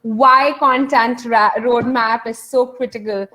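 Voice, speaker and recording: A woman's voice: on the high side, fairly even intonation, slow pace, sharp tone. A woman moderating an online panel, affirming the speakers and repeating her phrases before she hands over questions.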